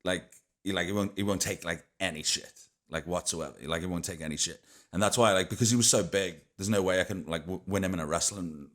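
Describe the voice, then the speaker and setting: A man's voice: deep voice, fast talker, fairly bright tone. A young adult man hosting a podcast, telling stories in a rambling way with lots of fillers and swearing. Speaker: podcast host. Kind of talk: casual chat.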